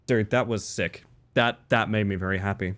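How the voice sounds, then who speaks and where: A young man from Australia, a streamer talking casually with his chat, animated and swearing freely. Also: fairly low pitch, normal speed.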